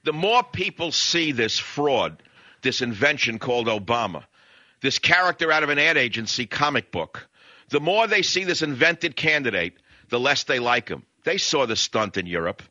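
A man's voice: medium pitch, sharp tone, no room sound, lo-fi sound. A man hosting a talk radio show, ranting in a combative, sneering way and throwing insults.

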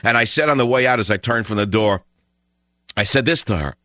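A man hosting a talk radio show, ranting in an animated way and breaking into loud shouting. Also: lowish voice, fairly quick, no room sound. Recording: dull lo-fi radio broadcast.

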